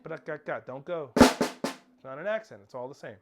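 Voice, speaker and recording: A percussion teacher with a fairly high, animated voice leads a snare drum lesson at normal speed, counting off and calling out rhythms and stickings. Loud snare drumming fills the background, and he sometimes shouts over it.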